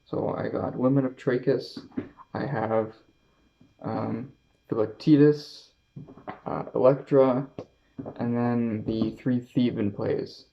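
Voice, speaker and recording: A man with a Canadian accent talking casually about his books, halting often with fillers and restarts. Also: medium pitch, fairly even intonation, gravelly, muffled recording. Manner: halting, many fillers and self-corrections. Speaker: book vlogger. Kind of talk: casual book haul talk.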